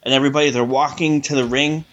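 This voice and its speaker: A man's voice: mid-range voice, steady tone, quick pace, fairly bright tone, highs cut off. A man co-hosting a casual film discussion, joking and rambling with fillers.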